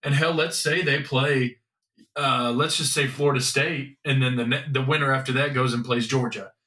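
A man's voice: mid-range voice, steady tone, normal speed, bright, forceful tone. A man co-hosting a podcast in casual sports chat, loose and rambling, now and then swearing. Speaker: podcast co-host. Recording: echoey room, mic at a distance.

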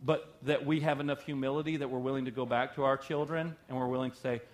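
A man's voice: medium pitch, steady tone, quick pace, hardly any pauses. A middle-aged male pastor preaching a sermon in a conversational, emphatic way, often asking rhetorical questions.

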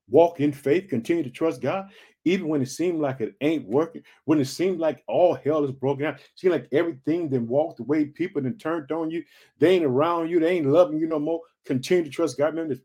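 A man with a high-set voice delivers a fired-up sermon. He keeps circling back to his catchphrases and calls his listeners family as he pushes them to stay encouraged. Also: warm tone. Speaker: preacher. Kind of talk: energetic sermon.

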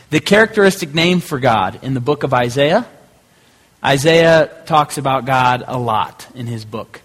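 A man's voice: mid-range voice, a bit bright. A man preaching a sermon as pastor, talking conversationally and often restarting his phrases. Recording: hall with long reverb.

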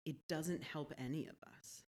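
A woman with a low voice talks thoughtfully in an unhurried conversation. She often tags her points with a quick "right?" to check in with the listener. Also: darkish tone. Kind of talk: conversational podcast chat.

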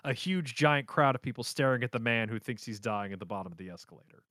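Bright-voiced man recapping casually. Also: mid-range voice, fast, no echo, clean studio sound. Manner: rambling, animated storytelling with fillers.

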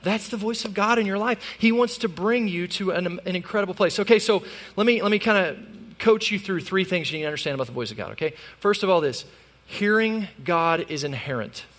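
A man preaching a sermon as pastor, conversational and animated, with sudden loud peaks. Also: high voice, fast, long reverb tail.

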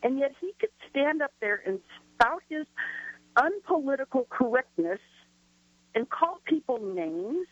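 A high-voiced woman on a dull, dry phone line, calling into a radio show. She speaks indignantly and emphatically, firing off rhetorical questions, and is close to tears. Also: very animated, a little slow, dry recording. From US border region. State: emotional, near tears. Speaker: caller.

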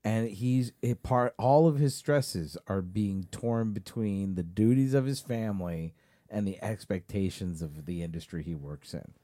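A man chatting casually on a podcast, animated, swearing freely and laughing often. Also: fairly low pitch, a little slow. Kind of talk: casual chat.

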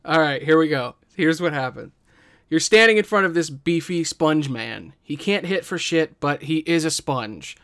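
A man's voice: a little high, animated, moderate pace, fairly bright tone, smooth, no echo, clean studio sound. A man narrating a tabletop game as game master, in a playful way with frequent laughter.

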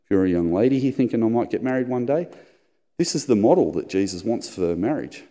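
A middle-aged man preaching a sermon as a pastor, telling personal stories and putting on squeaky voices in them. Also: expressive, a little fast, dark tone. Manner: storytelling, acts out squeaky high voices in anecdotes. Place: church hall. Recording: long hall reverb.

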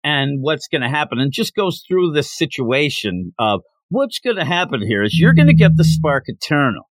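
A man co-hosting a casual comic book review, talking in an animated, lively way. His pitch swings widely as he mimics characters' lines with mock outrage. The sound is dry and close. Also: moderate pace, no echo. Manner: animated, acts out characters' lines in mocking voices. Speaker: podcast co-host.

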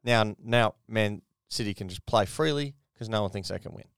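A man's voice: on the low side, normal speed, vocal fry, fairly bright tone, clear, resonant tone, no room sound, studio quality. A man co-hosting a podcast, chatting bluntly with crude banter. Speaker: podcast co-host. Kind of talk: casual chat.

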